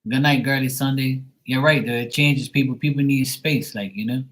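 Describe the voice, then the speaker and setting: A man's voice: mid-range voice, fairly even intonation, moderate pace, fairly bright tone, low-quality recording. A middle-aged man talking casually and profanely on a late-night livestream, blunt and rambling. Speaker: livestream tarot reader.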